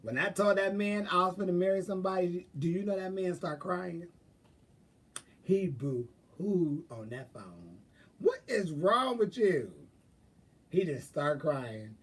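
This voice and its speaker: This man's voice sits high and moves a little slowly, picked up by a distant mic. He hosts a livestream, swapping casual stories with viewers, sassy and profane, laughing in bursts and giving them blunt advice.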